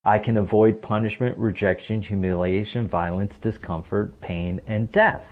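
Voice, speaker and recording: A man explains his ideas emphatically and keeps asking rhetorical questions, speaking as an interview guest. His voice sits fairly low. It comes through a narrow, tinny line, like a phone call. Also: fairly even intonation, normal speed. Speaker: podcast guest, stress coach.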